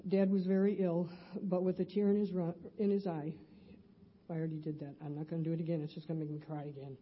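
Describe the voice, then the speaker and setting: Husky woman reading her church testimony. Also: fairly low pitch, level tone, dull audio. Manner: earnest, halting, with restarts. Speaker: church member giving a testimony. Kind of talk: reading a personal testimony aloud.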